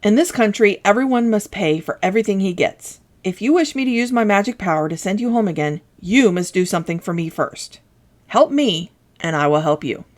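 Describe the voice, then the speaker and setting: A woman voicing a great, stern, disembodied wizard head that speaks loudly and commandingly in a storybook reading. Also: mid-range voice, animated, fairly quick, lightly acted. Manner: loud, commanding, emphatic.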